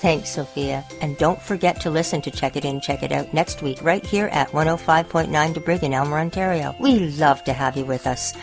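A woman hosting a community radio show, reading a children's story aloud in a gentle, expressive way. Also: low-pitched, brisk, creaky, few pauses, over music. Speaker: radio host reading stories.

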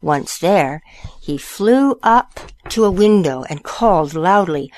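A woman storyteller reading picture books aloud in a slow, expressive way. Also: lowish voice, no room sound.

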